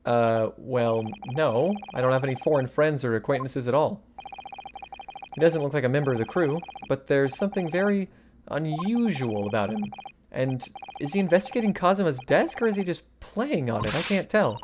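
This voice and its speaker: A woman's voice: extremely low pitch, lively intonation, normal speed, background noise. A woman voicing a bewildered young male lawyer from a game, hesitant and stammering. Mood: baffled.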